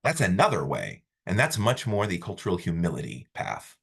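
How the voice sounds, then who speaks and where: Husky, animated male instructor. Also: deep voice, moderate pace. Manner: animated, storytelling, self-interrupting. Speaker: college instructor. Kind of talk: classroom lecture. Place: classroom.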